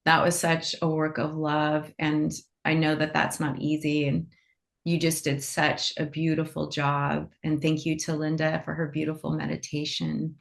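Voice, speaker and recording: A woman's voice: sits low, monotone, measured pace, creaky. A woman co-hosting an online event over a video call, effusive and laughing as she thanks everyone. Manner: effusive, laughing, playfully self-mocking. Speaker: nonprofit co-founder and event host. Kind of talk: online event closing remarks.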